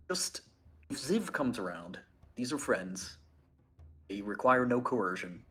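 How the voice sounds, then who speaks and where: Wry, lively-voiced male player. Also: mid-range voice, takes it slowly, pauses often, husky. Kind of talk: playing a character in a tabletop game.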